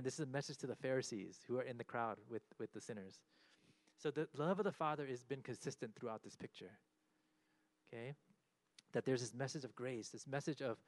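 Man preaching in a conversational sermon. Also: medium pitch. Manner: conversational teaching, acts out quotes with rising emphasis.

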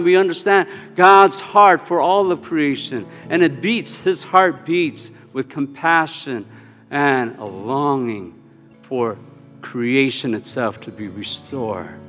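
A man preaching a sermon, telling a personal story with swings of pitch and volume. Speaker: pastor. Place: church sanctuary. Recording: hall reverb with soft guitar music.

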